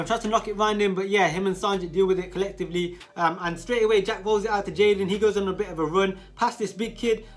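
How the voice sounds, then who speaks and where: A young man giving a slangy, casual voice-over commentary on a football match. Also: high voice. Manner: excitable, slangy, keeps saying bro and like. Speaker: youtuber commentating his own team's match.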